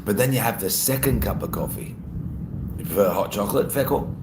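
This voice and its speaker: A man's voice: lowish voice, a little fast, echoey room, noisy background. A man with an Australian accent, chatting casually on a live stream and reading out viewer comments. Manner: relaxed, chatty, laughs often.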